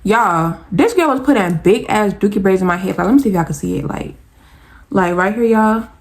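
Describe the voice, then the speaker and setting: A young woman from the American South with an Atlanta accent, telling a casual storytime vlog in an animated, exasperated way and talking straight to her viewers. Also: mid-range voice, a little fast.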